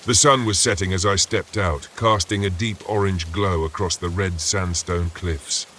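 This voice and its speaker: A man with a very deep voice tells a first-person horror story in a steady, measured narration. Faint rain patters behind him. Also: slight background noise.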